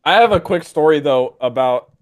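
A man in his early twenties chatting casually, easygoing and quick to laugh as he tells stories. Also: a little high, lively intonation. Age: early 20s. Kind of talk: casual chat.

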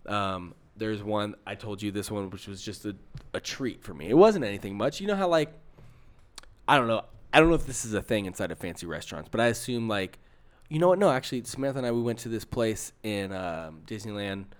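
A man's voice: lowish voice, animated, a little fast, clean tone. A man co-hosting a podcast, telling a story in casual chat and acting out the quotes, with many restarts. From San Francisco area. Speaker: podcast co-host.

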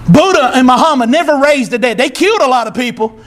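A male pastor preaching a sermon in church, emphatic and teary, repeating short phrases and building to shouts. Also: very high voice, expressive, fast talker. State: teary, emotional.

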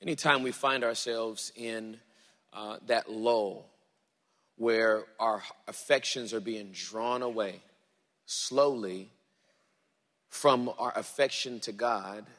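A man preaching a sermon, reading scripture dramatically and then teaching in a relaxed way. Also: on the low side, takes it slowly, big-room sound. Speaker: pastor.

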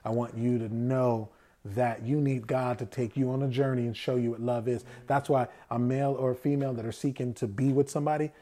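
A man's voice: medium pitch, steady tone, brisk, mellow. A man giving a conversational sermon. He often asks rhetorical questions and answers them himself, and he acts out the voices of people he quotes.

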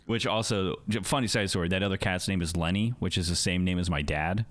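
A man's voice: deep voice, fast talker, no room sound, clean studio sound. A man co-hosting a podcast in casual chat, laid-back, laughing often and swearing freely. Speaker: podcast co-host.

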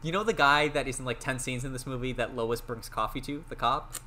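Bright-voiced young man chatting about movies. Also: medium pitch, a little fast, a little hiss or hum. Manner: chatty, animated, shares trivia with mock quotes. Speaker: podcast co-host. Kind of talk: casual movie discussion.

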